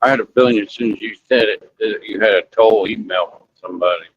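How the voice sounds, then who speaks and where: Male co-host with a low-ish voice and a dry, muffled recording, teasing and reading the chat. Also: fast, husky, dry recording. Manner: teasing, chimes in and reads from the chat. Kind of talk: casual live-stream chat. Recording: dull, dry lo-fi sound.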